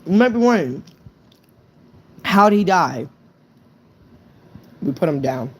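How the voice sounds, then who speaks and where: A man's voice: a little high, big pitch swings, takes it slowly, slight background noise. A young man casually telling a true story on a live stream, rambling and swearing, with lots of "right?" fillers.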